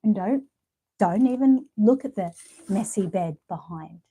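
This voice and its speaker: Aussie woman rambling on a home vlog, slow easygoing pace, goes quiet a lot. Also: medium pitch, expressive, breathy edge. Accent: Australian. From Australia. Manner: chatty, rambling, often drops to a hushed voice. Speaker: vlogger showing reborn dolls. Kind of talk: casual show-and-tell chat. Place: home bedroom.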